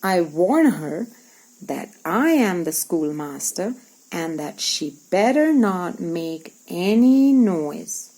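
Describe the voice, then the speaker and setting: A woman's voice: on the low side, sing-song, slow pace, warm tone, low-quality recording. A woman teacher reading a storybook aloud to young pupils and acting out its lines as she explains words.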